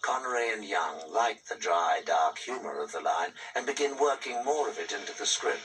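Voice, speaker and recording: A man narrating a documentary in a scripted, measured way, reading out dates and facts. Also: fairly low pitch, expressive, fairly bright tone, slight background noise. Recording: distant sound with music behind.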